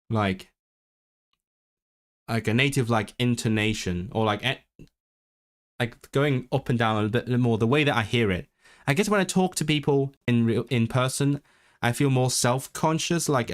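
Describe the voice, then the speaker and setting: A man livestreaming casually about learning languages, thinking aloud with many restarts, reading chat and trying out learner's Welsh. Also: mid-range voice. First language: English. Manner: switches into learner's Welsh with lively intonation. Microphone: desk microphone.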